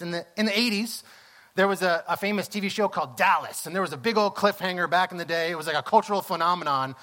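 A man's voice: high voice, fast talker. A middle-aged pastor telling stories in a sermon, acting out exclamations as he speaks. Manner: storytelling, animated, acts out exclamations.

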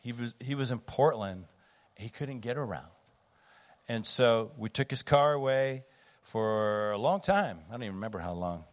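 A man's voice: medium pitch, expressive, normal speed. Middle-aged male pastor; conversational sermon, anecdotal, loose with fillers. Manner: conversational storytelling with fillers and restarts.

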